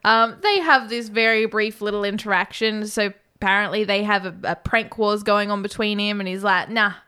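A woman with a bright, crisp voice chatting casually about a movie. She sums up the plot and keeps the talk moving with short agreeing replies. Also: medium pitch, fairly even intonation. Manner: quick agreeing interjections and plot summary. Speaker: podcast co-host. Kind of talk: casual film review chat.

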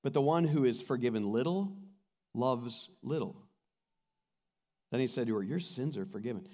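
Animated male pastor in a reverberant hall. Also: mid-range voice, moderate pace. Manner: animated storytelling, acts out quoted voices. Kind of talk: sermon.

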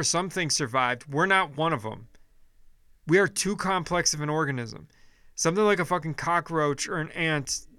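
A man's voice: on the high side, sharp tone, clean tone, dry recording, studio quality. A man delivering a blunt, profane, exasperated casual rant, often restarting his sentences.

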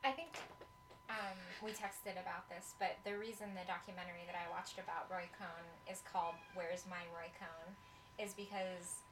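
A woman's voice: lowish voice, steady tone, moderate pace, distant mic, background noise. Casual co-host: American woman, chatty, full of fillers, set back from the mic in a roomy space. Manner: chatty, filler-heavy, swearing. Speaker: podcast co-host. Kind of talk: casual chat. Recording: echoey room, off-mic with faint ambience.

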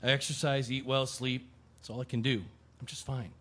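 An actor playing an ill man who talks quietly and wryly about his guilt. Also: mid-range voice, flat delivery, moderate pace, natural voice. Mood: subdued. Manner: quiet, subdued, self-deprecating. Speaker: Ben, the sick man. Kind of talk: audio drama acting, inner monologue.

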